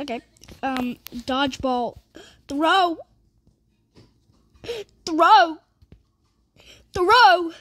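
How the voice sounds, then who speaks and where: A woman with a high, bouncy voice that swings widely in pitch, chatting through a video game. She talks in an unhurried way, breaks into excited squeals and giggles, and reads on-screen prompts aloud. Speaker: gamer commentating her play. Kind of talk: casual gameplay commentary.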